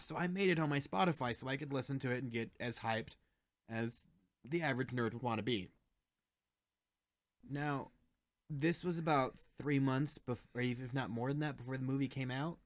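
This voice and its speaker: Young male co-host, casual over-drinks banter, animated and foul-mouthed, middle pitch, dry close sound. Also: a little fast, no room sound. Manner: animated and profane, swears often.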